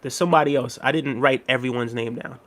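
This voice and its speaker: A man with a mid-range, slightly bright voice and fairly even intonation speaks fast on his livestream. It's a rambling, laugh-filled casual chat in which he talks straight to viewers and reads messages from the chat.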